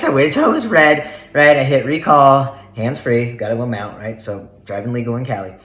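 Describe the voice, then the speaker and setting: A man's voice: medium pitch, big pitch swings, fast talker, few pauses, sharp tone. A man telling a story to the camera in a casual vlog, chatty and laughing often as he rambles. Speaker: vlogger. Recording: roomy echo, faint music.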